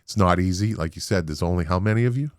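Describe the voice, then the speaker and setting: A man with a Boston accent hosting a podcast interview, animated and emphatic, with casual swearing. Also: sits low, fast talker, no echo, clean studio sound. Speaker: podcast host.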